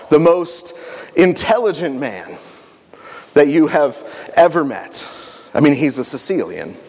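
Playful man telling a story in an echoey hall. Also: fairly high pitch. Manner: animated, joking asides. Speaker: speaker at a family camp.

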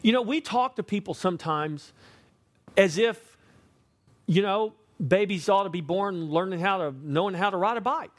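A man preaching a sermon, emphatic, slowing to stress key words and asking the congregation questions. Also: sits high. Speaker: pastor.

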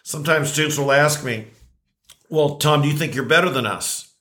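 Bright-voiced older man, self-deprecating. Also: a little high, normal speed. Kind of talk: casual conversation.

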